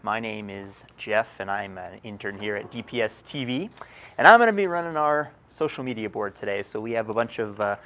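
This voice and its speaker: A man working as an intern, reading out viewer questions in a halting way with restarts. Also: lowish voice, expressive, a bit bright. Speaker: intern running the social media board. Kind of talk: live show segment.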